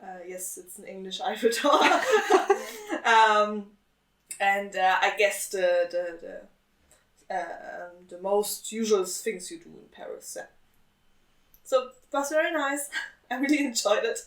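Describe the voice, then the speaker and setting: A woman's voice: mid-range voice, measured pace, fairly bright tone, far from the mic. A woman, co-hosting a podcast in casual chat, talking hesitantly with lots of fillers and giggles. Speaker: podcast co-host. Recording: echoey room.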